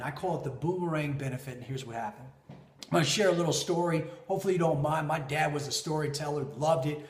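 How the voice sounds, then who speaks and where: Animated man telling a motivational story. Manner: animated, with big swings in pitch and loudness. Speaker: leadership coach. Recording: echoey room.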